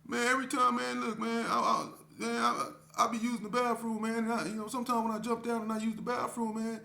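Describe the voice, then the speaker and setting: A man's voice: very high voice, level tone, gravelly, bright, forceful tone, pitched above the performer's own voice, heavily acted. A man putting on a whiny nervous cellmate. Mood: pleading. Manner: halting, stammering, repeats "man". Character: nervous young male prison cellmate, pleading. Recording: roomy echo.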